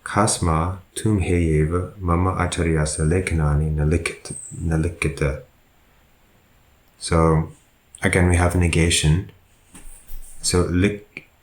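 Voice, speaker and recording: Very deep, slow-speaking man teaching. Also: reverberant. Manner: slow, patient, corrects himself often. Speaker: Buddhist monk teaching Pali. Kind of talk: language lesson.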